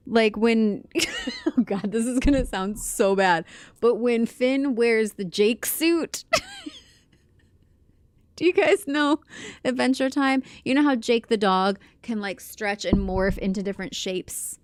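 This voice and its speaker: A young woman streamer with a medium-pitched voice chats casually and giggles while playing a game and reacting to chat. The studio-quality audio has no room sound.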